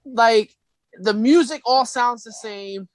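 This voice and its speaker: A woman's voice: a little high, slow pace, no room sound. A woman co-hosting a podcast in casual chat, choosing her words with care. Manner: careful, searching for words. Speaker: podcast co-host.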